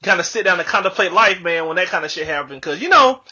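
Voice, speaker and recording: A young man casually telling a profane, animated story on a podcast, laughing often. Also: sits high, quick pace, breathy edge. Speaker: podcast co-host. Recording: dull lo-fi podcast audio.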